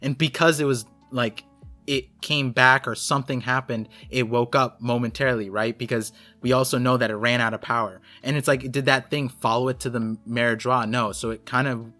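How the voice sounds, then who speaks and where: A man's voice: medium pitch, fairly even intonation, a little fast, pushed and bright, faint music behind. A man talking as a guest in a casual chat, explaining in a rambling way with lots of fillers. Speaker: guest co-host.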